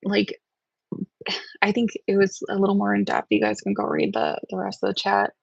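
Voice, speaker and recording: Gravelly, husky woman hosting a livestream. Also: mid-range voice, very animated, normal speed, no echo. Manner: rambling, sensitive, swears freely. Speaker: livestream host. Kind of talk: casual livestream chat. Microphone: webcam livestream setup. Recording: dry, dull lo-fi stream audio.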